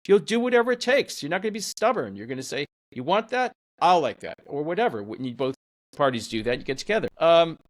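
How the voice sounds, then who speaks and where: A man hosting an interview podcast, talking in an eager, rambling way and agreeing often. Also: a little high. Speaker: podcast host. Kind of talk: conversational interview.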